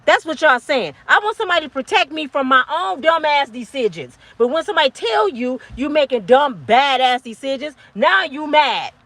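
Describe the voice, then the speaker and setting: Woman, fifties, high pitch; blunt profane straight-talking vlogger lecture. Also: expressive, moderate pace, few pauses, dry recording. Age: 50s. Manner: blunt, preachy, profane, yelling at times. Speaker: motivational vlogger. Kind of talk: impassioned monologue to camera.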